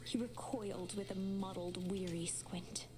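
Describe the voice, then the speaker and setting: A woman giving soft, measured, scripted storybook narration for a game. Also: mid-range voice, fairly even intonation, husky.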